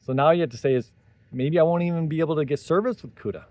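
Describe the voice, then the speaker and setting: A man's voice: on the high side, quick pace, darkish tone, no room sound. A man hosting a solo tech commentary, talking animatedly with sarcastic asides and tangents. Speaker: tech commentary channel host.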